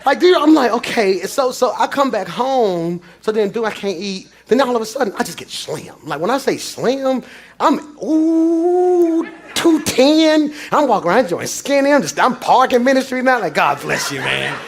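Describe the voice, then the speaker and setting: High-voiced preacher man. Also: animated, normal speed, slight background noise. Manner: swings between shouted preaching and low confiding talk. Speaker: pastor. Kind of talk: sermon. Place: church before a congregation.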